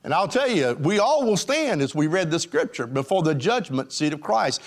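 A man preaching a sermon with a fairly high voice that swings widely as he presses his points. He talks emphatically, rising and falling with the preaching cadence, stumbling over fillers now and then. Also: sing-song, moderate pace.

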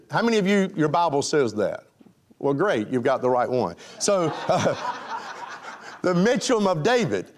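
A male pastor with a fairly high voice, preaching in a loose, folksy way. He jokes and chuckles with his congregation between points of his sermon. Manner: folksy, joking, chuckling with the crowd.

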